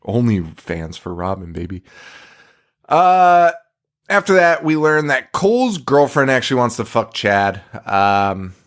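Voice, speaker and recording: A man co-hosting a casual podcast, recapping a film with lots of sarcasm and swearing. His voice sits in a middle pitch, and he breaks into laughter often. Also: very animated, unhurried. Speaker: podcast co-host.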